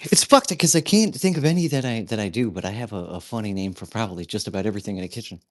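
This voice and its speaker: A man's voice: lowish voice, lively intonation, fast talker, slight background noise. A man telling a rambling, profanity-filled anecdote in casual chat.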